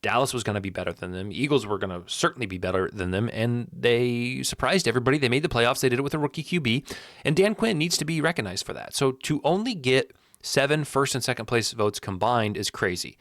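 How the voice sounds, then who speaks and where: A man hosting a casual sports commentary video, blunt and animated, often restarting and repeating words when worked up. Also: medium pitch, fairly quick, no echo, clean studio sound.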